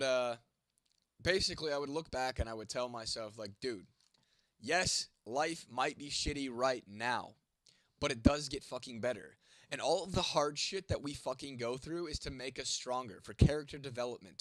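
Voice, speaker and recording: A man's voice: medium pitch, fairly bright tone, no room sound, clean studio sound. A young man with a congested, fading voice, hosting a casual livestream and answering chat in a blunt, profane, joking way. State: congested, voice going, coughing. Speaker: livestream host reading chat.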